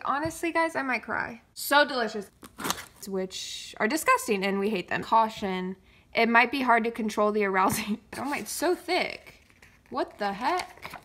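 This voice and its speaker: A young woman, vlogging an excited unboxing reaction, giddy and exaggerated, mumbling one moment and squealing the next. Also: fairly high pitch, a little hiss or hum. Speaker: K-pop fan vlogger.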